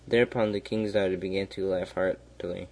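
A man reading a fairy tale aloud in a slow, even way, with small slips and restarts. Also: low-pitched. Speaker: storyteller.

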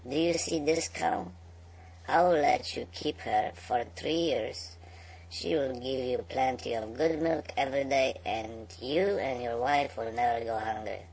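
A man's voice: medium pitch, measured pace, vocal fry, a little mellow, a little hiss or hum, poor audio. A man voicing a monster in human shape who offers a bargain, speaking in a coaxing, emphatic way.

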